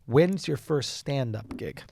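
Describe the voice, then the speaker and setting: A man hosting a casual podcast chat, firing quick, hyped questions at his guest. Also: medium pitch, expressive, creaky, dark tone, a little hiss or hum. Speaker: podcast host.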